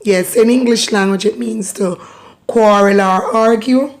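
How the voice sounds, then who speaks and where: Hoarse Jamaican woman teaching patois. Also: a little high, unhurried. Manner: chatty, laughing often, repeats phrases for learners. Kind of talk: casual language lesson.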